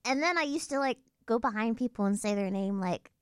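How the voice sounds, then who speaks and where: A woman's voice: fairly high pitch, expressive, brisk, clean tone, no echo, clean studio sound. A young woman chatting casually, talking in loose runs full of fillers and laughing often. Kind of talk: casual chat.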